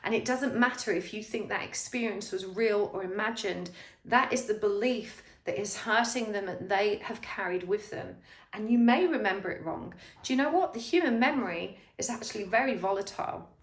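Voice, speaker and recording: A woman's voice: medium pitch, normal speed. Reassuring woman tarot reader, echoey room. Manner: earnest, reassuring advice, speaks straight to the listener. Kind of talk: pick-a-card tarot reading, direct address to viewer.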